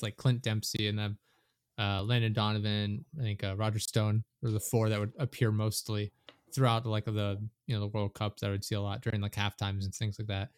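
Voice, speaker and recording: A man's voice: lowish voice, no room sound. Man, casual talker, rambling, swears when riled; dry close recording. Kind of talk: casual podcast chat about soccer.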